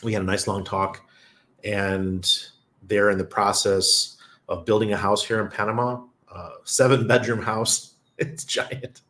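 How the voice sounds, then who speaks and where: A man's voice: lowish voice, level tone, measured pace, a bit bright. A man hosting a casual livestream, reading viewer comments and rambling with frequent chuckles and fillers. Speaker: crypto livestream host. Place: lives in Panama.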